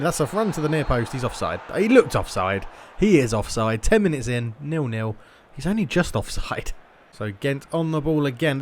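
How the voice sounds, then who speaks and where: A young man talks his way through a football video game in a relaxed, chatty flow. He thinks aloud as he plays and drifts into mock match commentary, his pitch sitting in an ordinary middle range. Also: slight background noise. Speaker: gaming YouTuber. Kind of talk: casual gameplay commentary.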